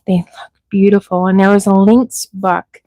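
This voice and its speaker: A woman's voice: mid-range voice, little pitch movement, a little slow, warm tone, dry recording, rough recording. A middle-aged woman breeding rabbits, chatting casually on a livestream and talking sweetly to the baby bunnies.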